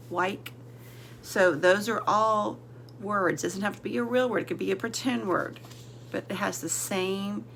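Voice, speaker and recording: Woman teacher doing a kids vocab lesson, slow and patient, spells stuff out letter by letter, bit of fry in her voice. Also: on the low side, fairly bright tone, a little hiss or hum. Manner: sounds words out letter by letter, drops to whispers.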